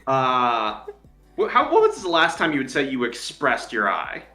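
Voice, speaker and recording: A male game master narrating a tabletop pirate game with a bright, crisp voice. He draws out his descriptions. There is a roomy echo and soft music behind him. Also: mid-range voice, wildly swooping pitch, normal speed.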